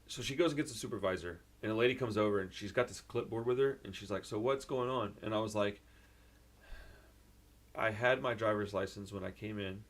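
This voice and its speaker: A young man telling a rambling, excitable story in a casual vlog, full of fillers and restarts. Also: lowish voice. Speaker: vlogger.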